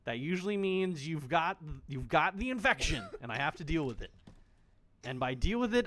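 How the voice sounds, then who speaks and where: A male game streamer with a slightly high voice that swings widely in pitch. He jokes around, swears freely and talks straight to the characters on screen in a loose, casual way. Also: animated, normal speed, a bit bright. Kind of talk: casual gameplay commentary.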